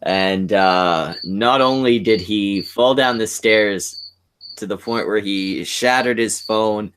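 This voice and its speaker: A man's voice: on the low side, slow, a bit bright, a little hiss or hum. A man hosting a casual livestream, reading chat aloud and trading crude jokes with his co-hosts. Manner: crude, joking, laughs often. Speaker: stream host reading chat.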